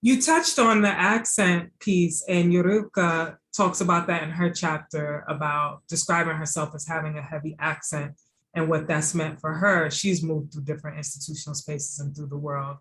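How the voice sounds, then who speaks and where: A woman's voice: deep voice, fairly even intonation, normal speed, fairly bright tone. Woman host asking thoughtful questions. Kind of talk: interview questions.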